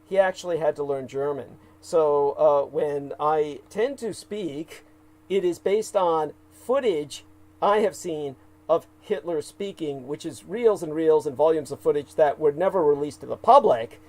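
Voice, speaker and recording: Guy rambling on a livestream, kinda high voice, lots of uhs and false starts. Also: a little slow, darkish tone, rough recording. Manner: hesitant, heavy with fillers and restarts. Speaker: livestream co-host.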